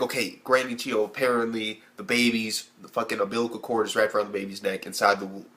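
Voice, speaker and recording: Young male anime reviewer, casual and foul-mouthed, animated, leaps into high-pitched reactions. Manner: animated, heavy swearing, acts out characters in high squeaky bursts. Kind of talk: casual profane video review.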